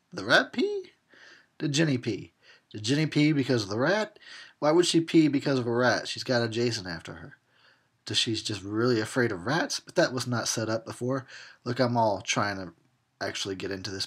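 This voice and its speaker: Tipsy sarcastic man, husky and lively. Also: mid-range voice. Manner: sarcastic, laughing, swearing, jokey. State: tipsy from drinking. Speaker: host commenting on a horror film. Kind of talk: drunk film commentary.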